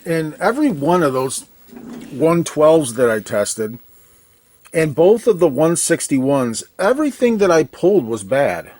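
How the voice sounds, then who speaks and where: A man's voice: on the high side, sing-song, unhurried, darkish tone. A man working as an arcade repair technician, walking through a repair in a casual, plain way, thinking aloud and poking fun at himself.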